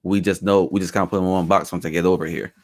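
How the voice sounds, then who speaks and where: A man co-hosting a podcast in casual banter. He explains his points in a thoughtful, measured way. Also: sits low, fairly even intonation. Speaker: podcast co-host.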